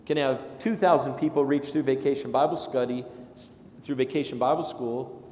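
A man, a pastor, delivering a sermon in a chatty, anecdotal way with lively asides. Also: medium pitch, a little fast, a little hiss or hum. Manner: conversational and anecdotal, with animated asides. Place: large church sanctuary. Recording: echoey sanctuary with long reverb.

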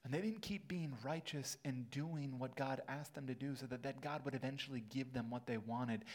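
A man preaching a sermon as pastor in a church sanctuary, earnest and building to emphatic peaks. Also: mid-range voice.

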